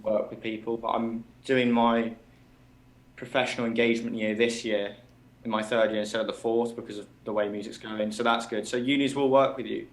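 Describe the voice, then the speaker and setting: A man's voice: mid-range voice, little pitch movement. Young British man, music student, hesitant and considered, roomy sound. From Britain. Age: young adult. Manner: measured, thinking aloud with hesitations. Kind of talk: casual chat. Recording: roomy echo.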